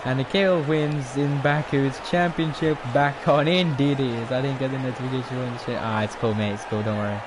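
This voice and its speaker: Brief: young male streamer, rambling and excitable, faint background hiss. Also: mid-range voice, brisk, few pauses. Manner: excitable, rambling, talks to chat. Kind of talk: live game stream commentary.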